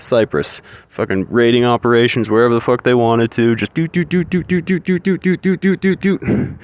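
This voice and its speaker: A man telling a story in a casual, profane and rambling way, full of swearing and asides. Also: mid-range voice.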